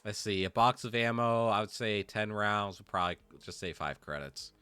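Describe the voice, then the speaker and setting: A man's voice: lowish voice, normal speed, pushed and bright, smooth, no room sound. A man running a tabletop game as game master, rambling easily with lots of fillers. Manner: easygoing, rambling, full of fillers. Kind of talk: casual narration of a tabletop game.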